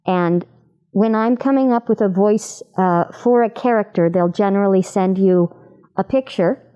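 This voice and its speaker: A woman voice actor in an animated interview chat, demonstrating voices as she explains her craft. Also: mid-range voice, normal speed, clean tone, highs cut off.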